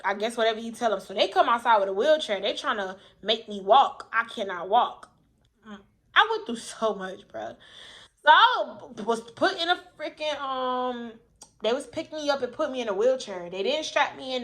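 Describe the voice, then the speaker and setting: A woman's voice: fairly high pitch, lively intonation, normal speed, a bit bright. A woman candidly telling a personal story to camera in a casual, emphatic way, often repeating herself for weight. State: coughing. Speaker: vlogger telling her own story.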